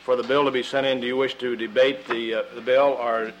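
Brief: male house speaker, measured procedural chairing, hesitant, faint background hiss. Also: mid-range voice, level tone, low-quality recording. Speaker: presiding speaker of a state house. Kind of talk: parliamentary chairing. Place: legislative chamber.

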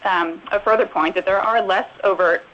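A woman's voice: medium pitch, fairly even intonation, moderate pace, a bit bright, highs cut off. Careful woman testifying by phone. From Alaska. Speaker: public testifier.

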